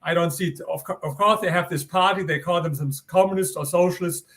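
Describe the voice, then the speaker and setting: German-accented man, high and insistent. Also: a little fast, fairly bright tone. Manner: earnest, insistent, repeats key points. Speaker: guest author. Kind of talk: interview answers.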